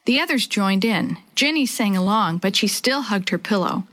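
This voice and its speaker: A woman narrating a children's story aloud in a clear, expressive storytelling manner. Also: medium pitch, moderate pace, few pauses.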